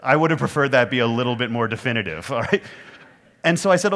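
A man delivers a comic keynote story to an audience, animated and self-deprecating. His voice sits at an ordinary middle pitch, and he leans hard on timing for laughs. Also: quick pace. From Canada. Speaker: keynote speaker.

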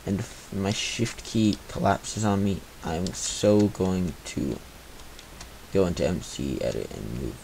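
A man's voice: low voice, slow pace, creaky, a little mellow, slight background noise, rough recording. A man giving live gameplay commentary on a cheap microphone, mumbling and grumbling to himself with frustrated asides. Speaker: gaming commentator. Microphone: cheap replacement microphone.

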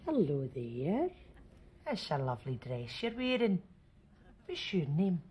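A woman's voice: wildly swooping pitch, slow, dark tone, slight background noise. A Scottish woman in a comedy sketch, coaxing a child in a sugary voice. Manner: sickly sweet coaxing, then shrill and unhinged.

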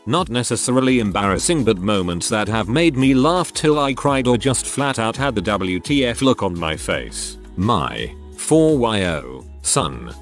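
A man's voice: on the low side, sing-song, unhurried, soft background music. A man narrating online stories in a scripted read, spelling out abbreviations letter by letter. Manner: reads text out literally, abbreviations spelled letter by letter.

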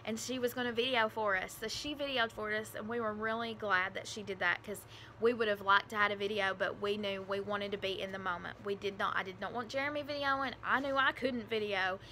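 A woman's voice: medium pitch, fairly even intonation, brisk, pushed and bright, a little hiss or hum. A woman vlogger telling a personal story in a casual, emotional, rambling way with lots of fillers and restarts.

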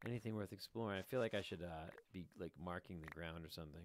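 A middle-aged man with a low-pitched voice talks quickly over slight background noise, giving casual let's-play commentary from a room at home. This gaming video host rambles, jokes, and chats to his viewers as he plays.

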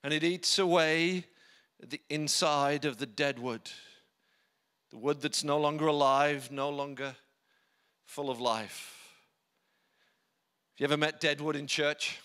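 A man preaching a sermon in church, emphatic, often dropping to quiet low tones for effect. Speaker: pastor.

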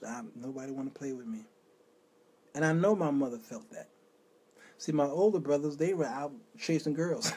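A man's voice: medium pitch, darkish tone, breathy edge. A middle-aged man from Chicago's west side, hosting a show and telling an emotional personal testimony, now and then breaking into a few sung words. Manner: emotional storytelling with sung snippets. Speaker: host.

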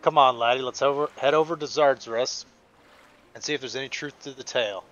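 A man's voice: medium pitch, steady tone, fairly quick, a bit bright, lo-fi sound, natural voice. A man reading as a chatty ship captain. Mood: chummy. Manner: reads game dialogue aloud, folksy.

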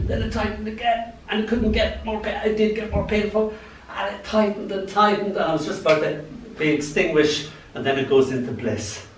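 An older Irish man reading his poems aloud at a live event, playful and lilting, with sudden swings between soft and loud. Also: medium pitch, slight background noise. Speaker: poet. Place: event venue. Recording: echoey room from far off, faint ambience.

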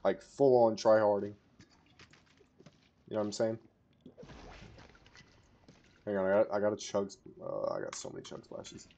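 A young man giving casual live commentary to a teammate while playing a battle royale game, rambling one moment and shouting callouts the next. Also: on the low side, normal speed, gravelly, long pauses, lo-fi sound, a little hiss or hum. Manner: casual, rambling, bursts into excited shouting in fights. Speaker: gamer streamer.

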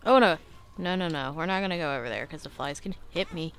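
A young adult woman hosting a casual let's-play, chatty and self-critical, clearing her throat often and breaking into excited outbursts. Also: low voice, quick pace. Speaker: gaming channel host.

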